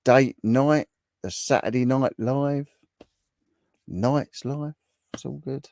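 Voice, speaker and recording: A man's voice: mid-range voice, takes it slowly, darkish tone, dry recording, clean studio sound. A man hosting a casual livestream, reading viewer comments aloud and chatting with them in a bantering, repetitive way. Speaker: livestream host.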